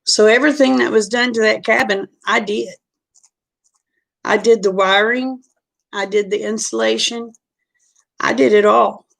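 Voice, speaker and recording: A woman's voice: fairly high pitch, steady tone, measured pace, creaky, long pauses, fairly bright tone. A middle-aged woman telling a personal story in a frank, chatty way. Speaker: vlogger. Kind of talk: casual storytelling.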